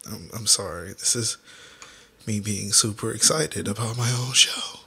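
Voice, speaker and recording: Husky deadpan male podcast host. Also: on the low side, measured pace. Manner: gloomy deadpan talk. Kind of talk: casual podcast banter.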